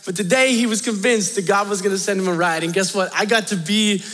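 A man with a high voice tells a story in a youth sermon, animated and chatty, laughing often as he talks straight to the students. His voice carries a long reverb from a large hall. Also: quick pace. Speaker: youth pastor.

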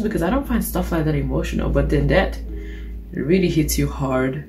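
A woman's voice: lowish voice, brisk. A young woman, chatting casually and swearing playfully while doing her makeup on camera. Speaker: beauty vlogger. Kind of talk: casual get-ready-with-me chat. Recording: music playing underneath. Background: background music.

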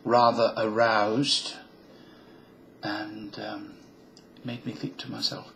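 A man's voice: lowish voice, flat delivery, slow pace, vocal fry, long pauses, fairly bright tone, a little hiss or hum, poor audio. A man vlogging alone to his webcam, musing in a rambling way and slipping between put-on accents. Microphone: webcam mic.

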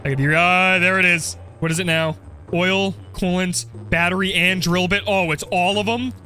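A young man commenting on his game play, joking and getting excited as he goes. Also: sits high, moderate pace. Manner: jokey, excitable, role-plays as the character. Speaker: gaming video creator.

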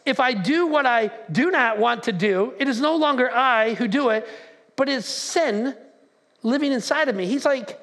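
High-pitched male pastor, lively preaching, engages the room with questions. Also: normal speed. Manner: animated, talks to the crowd with questions. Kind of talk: sermon. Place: church auditorium.

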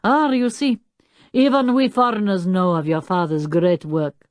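Woman voicing a cunning, flattering foreign man. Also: lowish voice, unhurried, no room sound, clean studio sound. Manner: flattering, foreign-sounding speech. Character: cunning, smooth-talking foreign older man.

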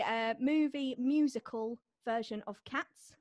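Bubbly high-voiced woman comedian. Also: slow, a little mellow, dry recording. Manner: bubbly and chatty with the audience. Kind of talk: stand-up set over video call.

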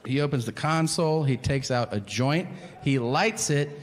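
A man's voice: medium pitch, normal speed, big-room sound. A man telling a stand-up story, incredulous and mimicking the people in it. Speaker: stand-up comedian.

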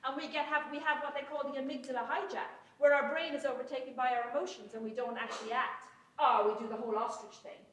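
A woman delivers a conference keynote with lively, irreverent asides and a wry edge. Her voice sits high. The sound is boomy and distant, as if picked up from far across a hotel conference hall. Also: fast talker, few pauses. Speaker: keynote speaker, chief executive. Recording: echoey hall, mic from far off.

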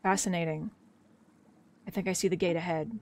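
A woman voicing a grumpy male rodent knight who grumbles in short, quiet lines. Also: fairly even intonation, moderate pace, natural voice. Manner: grumbling, terse, low and quiet.

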